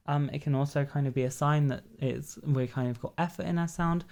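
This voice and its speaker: Very low-voiced woman teaching voice casually. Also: a little fast, few pauses, a little mellow. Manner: explanatory, keeps checking in with "right?". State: slightly worn, hoarse voice after a long workshop. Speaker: voice coach. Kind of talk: casual voice lesson. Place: lying down while recording.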